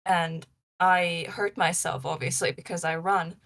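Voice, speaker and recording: A woman's voice: on the low side, level tone, a little slow, a bit bright. A young woman, a paranormal investigator guest, telling her story in casual live-show talk, rambling with many likes and ums.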